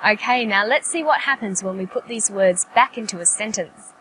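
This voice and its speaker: A woman narrating an English pronunciation lesson in a clear, careful, explanatory way. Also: mid-range voice, moderate pace, fairly bright tone, slight background noise, low-quality recording. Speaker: English teacher.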